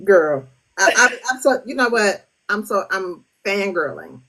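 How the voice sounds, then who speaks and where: Bright-voiced woman podcast host. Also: medium pitch, sing-song, a little slow, rough recording. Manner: playful, slangy, joking. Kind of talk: casual podcast chat.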